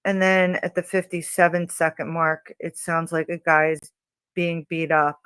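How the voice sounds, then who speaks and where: A woman hosting a true crime channel, describing audio clips in a hesitant way with many pauses and fillers. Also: on the low side, clean tone, dry recording. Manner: hesitant, many ums, slow and even.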